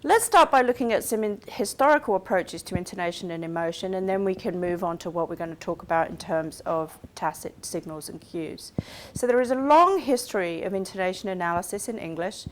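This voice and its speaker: A woman lecturer, delivering a recorded online course lecture in a clear, measured, explanatory way. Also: lowish voice. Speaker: university lecturer.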